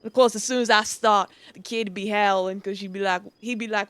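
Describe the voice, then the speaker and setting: A woman's voice: mid-range voice, unhurried, hardly any pauses, no room sound. A woman streamer chatting with viewers and reading a game aloud, giggly and chatty. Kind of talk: casual gaming commentary and reading aloud.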